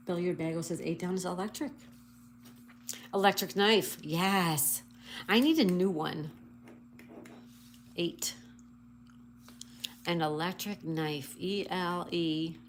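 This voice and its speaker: Slow, low-voiced woman livestreaming a crossword. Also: slight background noise. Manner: slow, spells out crossword answers letter by letter. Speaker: livestream host. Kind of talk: casual livestream chat, reading viewer comments.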